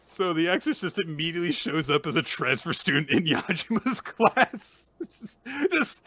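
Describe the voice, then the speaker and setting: Bright-voiced man recapping manga. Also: a little high, a little slow, no echo. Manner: animated, laughs often, voices quoted characters in excited bursts. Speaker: podcast co-host. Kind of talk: casual manga recap chat.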